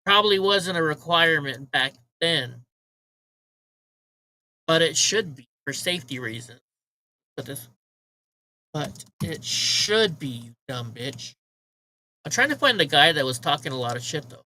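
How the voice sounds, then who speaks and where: A man's voice: a little high, lively intonation, unhurried, long pauses, bright, forceful tone, a little hiss or hum, poor audio. A man hosting a casual livestream, ranting with profanity and mocking remarks while he talks to his chat. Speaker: livestream host.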